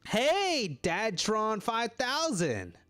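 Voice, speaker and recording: A man's voice: high voice, wildly swooping pitch, drawn-out words, a bit bright, soft background music, pitched above the performer's own voice, heavily acted. A man voicing a perky, teasing young woman in a game. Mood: cheeky. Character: bubbly, cheeky young woman, daughter. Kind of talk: reading a dating-game script aloud.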